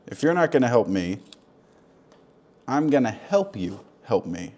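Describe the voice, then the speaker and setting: A man's voice: mid-range voice, sing-song, unhurried, a little mellow. A young man delivering a crude, mock-earnest comedic monologue, rambling and swearing as he talks to the camera. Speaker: comedy vlogger.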